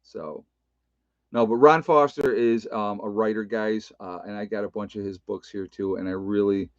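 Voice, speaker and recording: An older man, a retired nurse, hosts a casual live stream chat from an indoor room with bookshelves, rambling, chuckling and teasing himself. His voice is on the low side, fairly even in intonation, at normal speed, with dry, dull audio and no echo.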